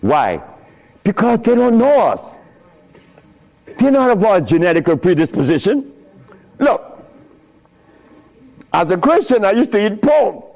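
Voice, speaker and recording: A man's voice: high-pitched, a little slow, vocal fry, pauses often, rough recording. A man giving an informal lecture to an audience, telling stories with loose grammar and frequent chuckles. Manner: animated storytelling with frequent chuckles. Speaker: speaker addressing an audience.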